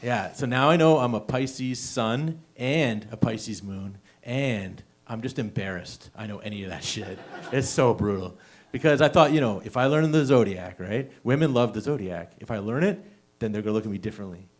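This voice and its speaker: A man's voice: fairly low pitch, normal speed. Self-mocking young man doing stand-up. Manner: chatty, self-mocking, laughs at own jokes. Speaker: stand-up comedian. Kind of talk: open mic stand-up set. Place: small comedy venue.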